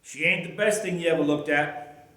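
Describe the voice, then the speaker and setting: Pastor doing old george the gas station guy, folksy and kind, kinda high for an old man, big echo. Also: moderate pace, a bit bright, natural voice. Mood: gruff kindness. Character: kindly lonely old male gas station owner. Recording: echoey room.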